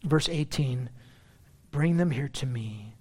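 A man's voice: takes it slowly, dark tone, slightly rough. Man preaching an emphatic sermon. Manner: emphatic preaching, repeating key phrases, rising in pitch for emphasis. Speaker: pastor.

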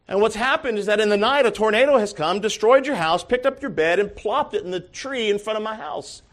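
Male pastor, high voice, emphatic sermon delivery that swings from hushed to shouted. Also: lively intonation, fairly quick, few pauses. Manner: emphatic, swings from quiet asides to shouted calls.

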